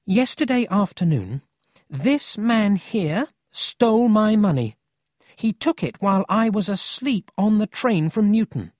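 A man voicing an upset young boy who speaks high and insistently, pleading to be believed. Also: sing-song, a little slow, a little mellow, dry recording, clean studio sound.

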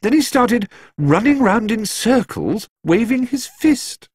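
A man's voice: very high-pitched, sing-song, slow pace, slightly rough, dry recording, pitched above the performer's own voice, heavily acted. A man voicing a fretful, fussing middle-aged mother in a storybook reading. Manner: fussing, worried.

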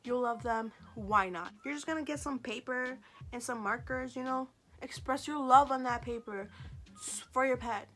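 Sassy woman vlogger with a higher-pitched voice, jokey and self-mocking, quiet music playing underneath. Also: normal speed. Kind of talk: casual chat to camera. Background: faint background music.

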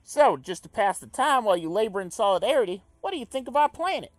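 Game figure: an upbeat male communist troll, loud and preachy, put on by a man reading. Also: very animated, fast, dry recording. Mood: cheerful. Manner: booming, earnest, speechifying. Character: cheery earnest communist male alien troll.

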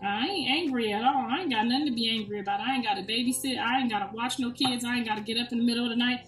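A woman's voice: fairly high pitch, racing, fairly bright tone. Blunt profane woman in echoey room. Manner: blunt, profane, laughs often. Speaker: show host. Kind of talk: casual livestream chat. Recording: echoey room, distant mic, faint music.

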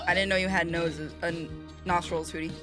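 A woman's voice: on the low side, fairly even intonation, brisk. A woman chatting casually as she reacts to a cartoon episode, rambling with fillers and restarts. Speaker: reaction video host. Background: show audio with music.

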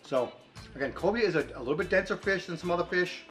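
A man's voice: high-pitched, fast talker, fairly bright tone, soft background music. A man hosting a casual cooking segment at home, chatting in a rambling way with frequent restarts. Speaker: co-host cooking on camera. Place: home kitchen and grill.

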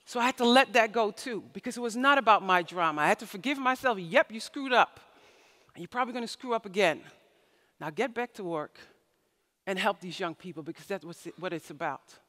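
Here a keynote speaker, a woman, performs her stories for a conference audience, doing the voices of the people she quotes. She talks a little fast in a medium-pitched, bright and forceful voice, captured with the reverberation of a large hall.

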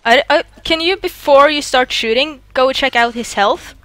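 Very high, excitable woman gamer. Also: moderate pace. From Norway. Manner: excitable, panicky shrieks. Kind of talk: let's play co-op commentary.

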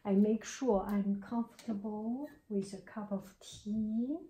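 A woman giving a soft-spoken ASMR tech tutorial at her home desk, talking haltingly and drifting into whispers, close on a handheld mic. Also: medium pitch, fairly even intonation. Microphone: close handheld mic with pop cover.

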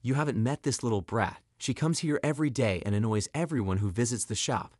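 A man voicing a gruff male shop guard who mutters dismissively in a spoken story. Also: medium pitch, a little fast, a little mellow, no echo, clean studio sound, lightly acted. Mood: annoyed.

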